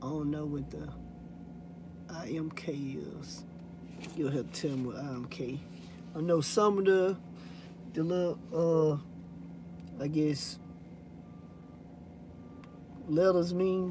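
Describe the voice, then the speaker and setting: A man's voice: high-pitched, unhurried, background noise. A man, a hotshot truck driver chatting loosely to viewers in a rambling, swearing way. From Louisiana. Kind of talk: casual vlog chat answering viewers.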